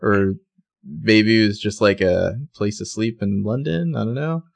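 A man's voice: fairly low pitch, a little slow, vocal fry, no room sound. A man co-hosting a podcast, recapping a TV episode in casual chat and reading lines of dialogue aloud in a plain voice. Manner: conversational, reads out quotes in a plain voice. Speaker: podcast co-host.

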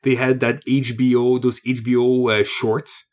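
A man's voice: medium pitch, flat delivery, a little mellow. A man co-hosting a film podcast, talking casually and often repeating words as he works out his thought. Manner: halting, repeats words while thinking. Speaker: podcast co-host. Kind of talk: casual chat.

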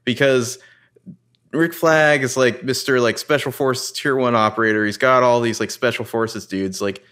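Man, casual chat, exasperated, incredulous, swears, mid pitch. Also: fairly even intonation, normal speed, fairly bright tone, smooth.

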